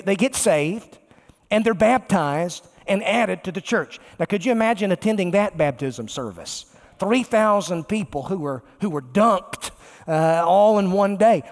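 High-voiced preacher in a reverberant church. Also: male voice. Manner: emphatic preaching, slows down to stress key words. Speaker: pastor. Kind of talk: sermon. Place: large church sanctuary. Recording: long reverb of a large church.

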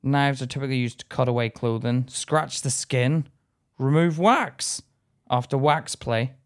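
A young British man co-hosting a podcast in casual chat, joking, laughing often and reading aloud haltingly. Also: medium pitch. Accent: British English. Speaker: podcast co-host.

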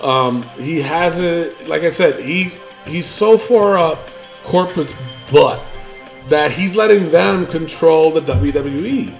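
A man hosting a casual podcast with a high, lively voice that swoops around as he rants and swears freely. Faint music plays under the talk. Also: slow pace, creaky. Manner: animated, rambling, swears freely. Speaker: podcast host. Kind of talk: casual wrestling chat.

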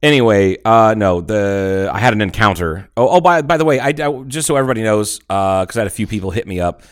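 A man's voice: lively intonation, quick pace, clear, resonant tone, no echo, studio quality. Joking man on a podcast. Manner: joking, laughs often, bursts into high-pitched bits. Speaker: podcast co-host. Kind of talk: casual podcast banter.

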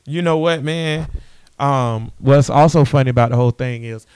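A man, co-hosting a sports podcast and telling stories in relaxed, chatty banter. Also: mid-range voice, normal speed, smooth. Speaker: podcast co-host.

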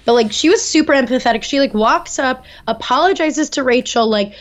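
A woman's voice: high voice, expressive, brisk. A young woman co-hosting a casual chat, animatedly recapping and acting out quotes, with some swearing. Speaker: podcast co-host. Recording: dull lo-fi sound.

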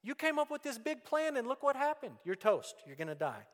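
A man's voice: very high voice, very animated, fairly quick, voice pushed up. A man voicing a blunt, mocking wife who scolds her husband. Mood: scolding. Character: scolding wife of a doomed schemer, woman. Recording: long church reverb.

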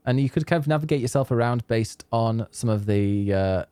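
A man from England co-hosting a casual chat, making dry, teasing, deadpan quips. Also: medium pitch, normal speed, smooth, no room sound. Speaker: podcast co-host.

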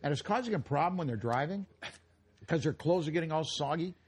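Husky, jokey radio co-host man. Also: a little high, animated, brisk. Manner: jokey, rambling, coughing now and then. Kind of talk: casual radio banter. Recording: live remote broadcast at a retail store.

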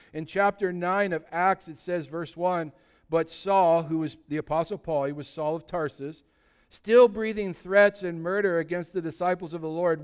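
A man preaching a sermon as pastor, impassioned and rising to loud, emphatic peaks. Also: sits high, clear, resonant tone.

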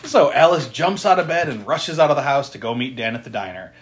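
A man's voice: mid-range voice, animated, a little fast, a little hiss or hum. A man co-hosting a podcast, casually retelling a horror film's plot with frequent laughter and swearing. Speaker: podcast co-host recapping a film.

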